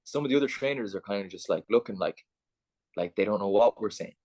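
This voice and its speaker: A man's voice: on the low side, darkish tone, no echo. An Irish man chatting as a podcast guest, rambling and full of "like". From Ireland. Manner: rapid, rambling, peppered with "like". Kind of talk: casual podcast chat.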